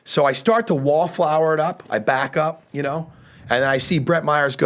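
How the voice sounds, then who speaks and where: A man's voice: a little high, normal speed. A man telling a comedic story in casual podcast chat, swearing freely and acting out the people in it. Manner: animated, swears freely, acts out quoted people.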